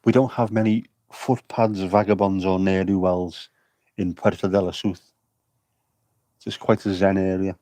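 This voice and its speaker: A man's voice: sits low, little pitch movement, measured pace, dark tone, no room sound. A man livestreaming from an outdoor air show, rambling and joking with his chat. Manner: jokey, rambling banter with chat.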